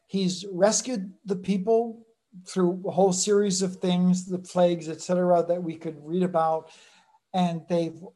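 Woman, sermon, mellow warm tone, casual conversational preaching, briefly voices the people in her story. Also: fairly low pitch. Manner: conversational, acts out voices in retelling.

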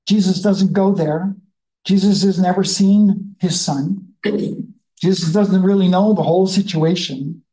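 A Bible study leader in a conversational teaching style, reading scripture slowly and then musing about it in a chatty way. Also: mid-range voice, dark tone, poor audio.

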